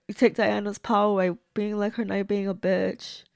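A woman's voice: mid-range voice, level tone, brisk, vocal fry, no echo, clean studio sound. A woman reacting to a movie as she watches it, gushing and blunt, talking back at the screen. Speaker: movie reviewer. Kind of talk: casual movie reaction commentary.

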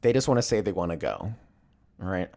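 A man's voice: low voice, fairly quick, creaky. A man ranting casually and comedically, rambling and swearing as he tells stories. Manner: rambling, profane, animated storytelling.

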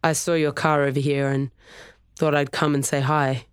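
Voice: medium pitch, level tone, moderate pace, clear, resonant tone, no echo, clean studio sound, natural voice. A narrator voicing an earnest young man who is explaining himself in an audiobook. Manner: earnest, murmuring. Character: apologetic young man, pleading.

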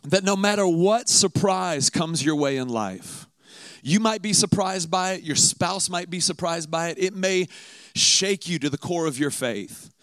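A man's voice: sits high, lively intonation, a little slow, a bit bright, dry recording. A man preaching a sermon in a conversational, emphatic way, often repeating words for effect.

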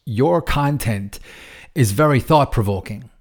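A man's voice: medium pitch, lively intonation, measured pace. An Irish man hosting a casual interview, enthusiastic, with many stumbling restarts. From Ireland. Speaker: podcast host. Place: lives in Switzerland.

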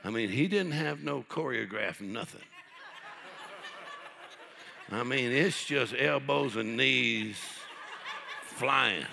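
A middle-aged man pastor preaching a sermon, telling folksy stories and building up to shouted preaching. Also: mid-range voice, takes it slowly, gravelly, pauses often, background noise.

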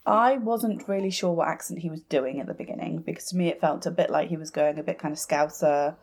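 On a casual fan podcast, a woman co-host chats and rambles, full of restarts and fillers. She talks at a quick pace in a deep, darkish voice.

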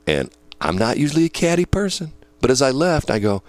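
A man hosting a casual chat, telling a story in an animated way with many fillers. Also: mid-range voice, a little fast, hardly any pauses, no echo.

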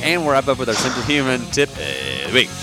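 A man co-hosting a podcast in casual chat, rambling and halting with lots of fillers. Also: medium pitch, very animated, over music. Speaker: podcast co-host.

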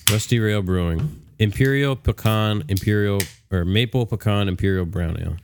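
A man's voice: lowish voice, normal speed, a little mellow, slight background noise. A man co-hosting a casual podcast, laid-back and rambling, with frequent restarts. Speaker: podcast co-host. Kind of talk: casual chat. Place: woodworking shop studio.

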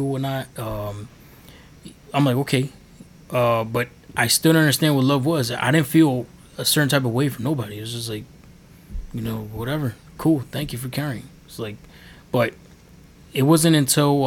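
A man's voice: mid-range voice, a little hiss or hum. A man on a podcast telling his faith testimony in a casual, earnest, rambling way. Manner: earnest, rambling storytelling with many fillers. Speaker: podcast guest.

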